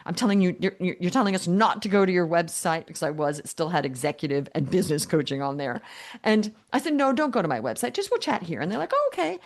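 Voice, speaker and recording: An older woman guest telling her business story in an interview, animated and humorous, acting out both sides of past conversations. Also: lowish voice, fast talker. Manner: animated, acts out dialogue with quoted voices, humorous.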